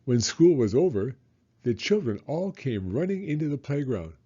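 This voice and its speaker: Expressive man reading a storybook aloud. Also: mid-range voice, moderate pace, breathy edge, dull audio. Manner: expressive, dramatic. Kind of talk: children's storybook read-aloud.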